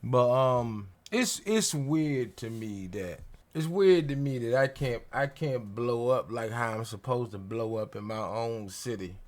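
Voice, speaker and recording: A man's voice: medium pitch, lively intonation, moderate pace. A man, rambling in a profane, slangy way as a streamer reacting to a video. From Maryland near Washington DC. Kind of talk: casual reaction commentary.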